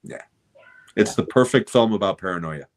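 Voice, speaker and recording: A middle-aged man telling a story on a podcast, animated and swearing freely. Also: fairly low pitch, normal speed. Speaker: podcast co-host. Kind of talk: casual chat, storytelling.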